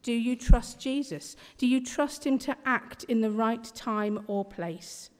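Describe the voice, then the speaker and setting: A woman reading a rhyming Bible story in a slow, measured, expressive way. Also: on the high side. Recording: long hall reverb.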